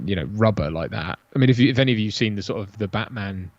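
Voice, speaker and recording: A man with a lowish voice talks loosely on a home stream and keeps restarting his thoughts. The sound is dull and lo-fi, like a cheap streaming mic. He is relaxed and jokey. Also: quick pace. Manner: rambling, restarts often, jokey. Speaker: co-host of a film watch-party stream. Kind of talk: casual chat.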